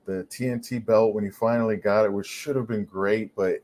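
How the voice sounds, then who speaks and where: A man's voice: lowish voice, fairly even intonation, a little fast, darkish tone, a little hiss or hum, poor audio. Rambling man over a faint, glitchy mic. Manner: rambling, talks through wrestling storylines. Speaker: co-host of a wrestling watch-along stream. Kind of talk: casual chat.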